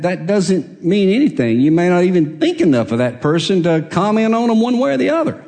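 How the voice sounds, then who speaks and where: Slow, lively-voiced male preacher in a hall. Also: on the high side. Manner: emphatic, repeats phrases, asks rhetorical questions. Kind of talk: sermon.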